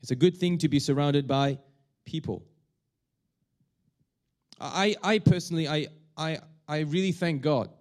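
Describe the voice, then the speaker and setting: A male pastor preaching a sermon, talking in a halting way with many restarts and fillers. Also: fairly high pitch, a little mellow.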